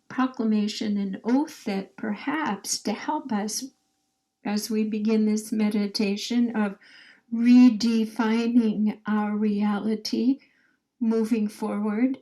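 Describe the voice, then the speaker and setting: A woman guides a meditation softly and slowly, letting phrases trail off into whispers while she has listeners repeat affirmations after her in call and response. Her voice is a little high, and the recording is low quality.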